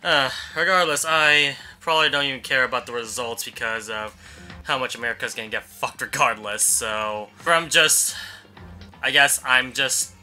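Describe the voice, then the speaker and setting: A man's voice: mid-range voice, steady tone, moderate pace, pushed and bright, faint music behind. A man hosting a casual let's play, rambling and joking with some swearing. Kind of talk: casual game commentary.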